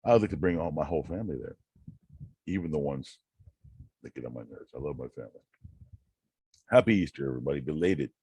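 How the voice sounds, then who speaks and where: A man hosting a channel, reading self-help quotes and musing aloud in a slow, rambling way, often repeating words. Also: extremely low pitch, expressive, warm tone, breathy edge, no room sound. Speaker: channel host.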